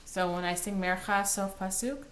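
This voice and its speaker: A woman's voice: medium pitch, normal speed, fairly bright tone. A woman cantor teaching Torah cantillation, explaining plainly and breaking into short sung chant phrases. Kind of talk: recorded online lesson.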